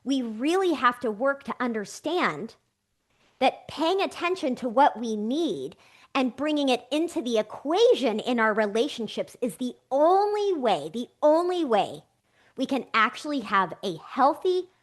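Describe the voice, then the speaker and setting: A woman's voice: high-pitched, very animated, unhurried. A middle-aged woman hosting her own podcast from her home office, teaching as a life coach in an earnest, encouraging way, often repeating key phrases and checking in with "right?".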